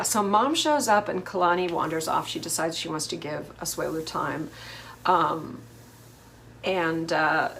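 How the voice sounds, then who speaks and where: A woman recaps a reality show in a loose, opinionated chat, full of fillers. Her voice sits a bit low. A faint hiss runs under the recording. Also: low-quality recording. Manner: chatty and opinionated, with many fillers. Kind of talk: casual recap commentary.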